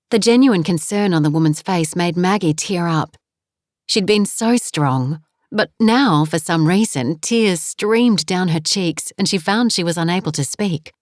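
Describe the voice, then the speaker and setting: A woman narrating a romance novel in a calm, even storytelling manner on a close studio mic. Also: fairly low pitch, normal speed, no echo. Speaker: audiobook narrator. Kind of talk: scripted narration.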